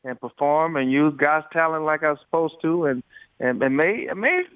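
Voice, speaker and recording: A man in his forties calling in to an interview by phone, telling stories with lively energy and repeated starts. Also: fairly high pitch, normal speed, smooth, dry recording. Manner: animated storyteller, repeats words. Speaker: guest calling in. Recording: tinny dry phone line.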